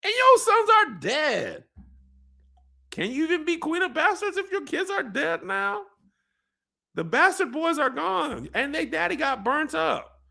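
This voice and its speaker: A man's voice: very high voice, very animated, a little slow, vocal fry, sharp tone, pitched above the performer's own voice, exaggerated voice. A man voicing a whiny, dim young male dragon rider who sulks and fawns in a raised voice. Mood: gossipy. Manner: whiny, sulking, fawning.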